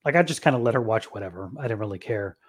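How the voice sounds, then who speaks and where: A man's voice: on the low side, expressive, rapid-fire. A man in his thirties co-hosting a podcast, chatting casually in a playful, enthusiastic, teasing way. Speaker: podcast co-host. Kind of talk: casual chat.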